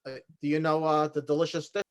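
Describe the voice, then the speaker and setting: A man with a slightly high voice talks hesitantly on a casual podcast. He stops and restarts a lot, filling the gaps as he works his way through a description. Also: monotone, fast talker, smooth. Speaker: podcast co-host. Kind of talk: casual comedy chat.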